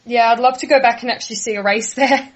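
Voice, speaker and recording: A woman's voice: a little high, fairly even intonation, quick pace, lo-fi sound. A young woman from Australia with an Australian accent, answering interview questions casually and in a friendly way, laughing easily. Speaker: guest.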